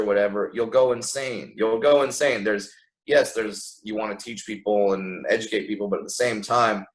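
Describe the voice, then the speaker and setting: Animated American man, casual chat. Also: on the low side, poor audio. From United States. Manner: animated, acts out quoted voices, frequent restarts. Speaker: guest comedian. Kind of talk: casual podcast conversation.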